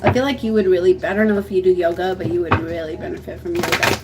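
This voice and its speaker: A young woman gives a tarot reading on a livestream, speaking in a soothing, emotional manner and frequently restarting her sentences. Her lowish voice is fast with fairly even intonation, and the audio is very noisy.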